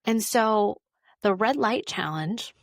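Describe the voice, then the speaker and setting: A woman's voice: mid-range voice, animated, slow, no room sound, studio quality. A woman hosting a wellness podcast, talking casually and informally and repeating words for emphasis.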